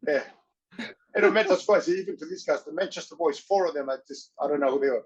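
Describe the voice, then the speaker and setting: On muffled, dull audio, a middle-aged man who acts and wrestles tells stories casually as an interview guest. His voice sits on the high side and moves quickly, and he animatedly imitates the people in his tales.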